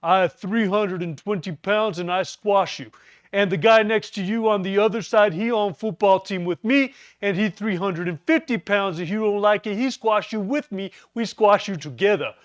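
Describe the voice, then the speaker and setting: A man's voice: high voice, moderate pace, dry recording, pitched above the performer's own voice, lightly acted. A man doing a huge, menacing football lineman. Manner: broken English, threatening boasts.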